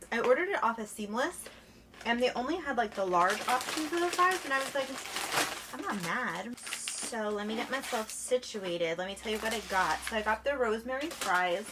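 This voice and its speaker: A woman's voice: fairly high pitch, noisy background. A young woman from New Jersey, chatting casually to her camera while she eats, bubbly and full of "like" and "literally.". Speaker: YouTuber. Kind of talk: casual chat while eating. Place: alone in a room at home.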